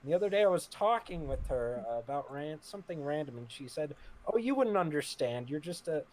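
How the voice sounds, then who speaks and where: Lively, hesitant man on a voice chat. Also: fairly high pitch, fairly quick. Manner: hesitant, rambling storyteller. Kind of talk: casual group voice chat.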